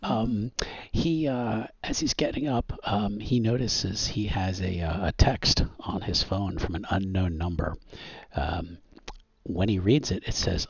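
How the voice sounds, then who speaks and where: A man running a tabletop game as game master, talking in a halting way with many ums and restarts and frequent laughs. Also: deep voice, gravelly, slightly rough, dry recording, lo-fi sound.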